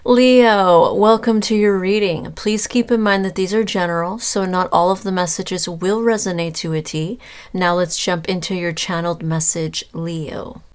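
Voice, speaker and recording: A woman with a somewhat low voice gives a casual tarot reading and speaks directly to her viewer. She rambles in a loose, conversational way and often stops with fillers to hunt for the right word. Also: steady tone, normal speed, smooth. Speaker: tarot reader.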